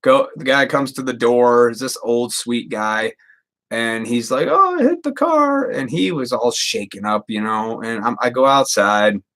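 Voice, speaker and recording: A man's voice: mid-range voice, steady tone, unhurried, a bit bright. A man in his thirties rambling casually and profanely to viewers on a live stream. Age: 30s.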